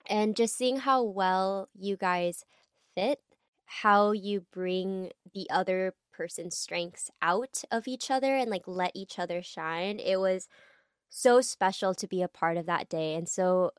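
Smooth-voiced young woman gushing. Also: medium pitch, slow pace, dry recording, clean studio sound. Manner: warm, effusive, gushing. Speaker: podcast co-host. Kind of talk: casual chat.

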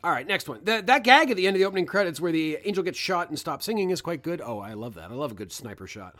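A man co-hosting a casual podcast chat, reading out listener comments with lively asides and the odd swear. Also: a little high, fast. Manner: animated, swears, reads comments aloud with asides.

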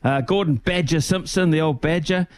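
A man with a New Zealand accent, a radio host chatting casually, relaxed and good-humoured with a ready chuckle. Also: on the high side, moderate pace, dry recording. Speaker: radio host joining from another region.

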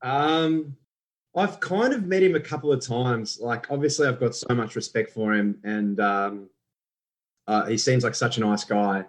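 A young Australian impressionist, appearing as a podcast guest, chats and tells stories in a medium-pitched voice at a slightly slow pace, laughing easily. The audio quality is poor.

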